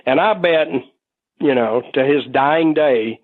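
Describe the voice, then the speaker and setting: A man's voice: fairly high pitch, takes it slowly, no echo, narrow, tinny audio. An older man casually telling a rambling anecdote, swearing freely and chuckling as he goes. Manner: rambling, salty, chuckling storyteller. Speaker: storytelling guest. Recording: noisy background.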